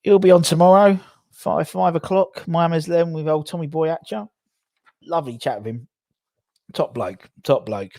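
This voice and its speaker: A man's voice: on the high side, moderate pace, vocal fry, dark tone, no room sound. Chatty rambling man, dry sound. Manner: rambling, chatty, self-correcting, jokey. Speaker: livestream host. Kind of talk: casual livestream chat reading viewer comments.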